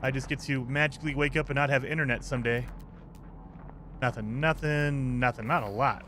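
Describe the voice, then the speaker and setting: A man's voice: medium pitch, steady tone, brisk, bright, forceful tone, a little hiss or hum. A man streaming a game, chatting casually and rambling through a rant while reading his chat. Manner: rambling, ranting, reads chat aloud.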